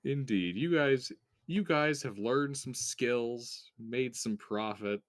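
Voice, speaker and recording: A man narrating as game master of a tabletop game, relaxed and full of fillers and restarts. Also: medium pitch, slow.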